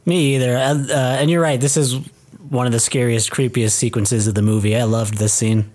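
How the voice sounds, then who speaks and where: A man's voice: medium pitch, fairly even intonation, a little fast, darkish tone. A man co-hosting a podcast, chiming in with brief reactions and agreement in casual chat. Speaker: podcast co-host.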